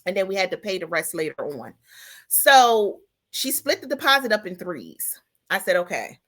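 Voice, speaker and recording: A woman in her forties, a podcast host, chatting casually and telling a story in an animated way, with features, calling out to her listeners as "y'all" and "girl". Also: mid-range voice, moderate pace. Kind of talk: casual chat.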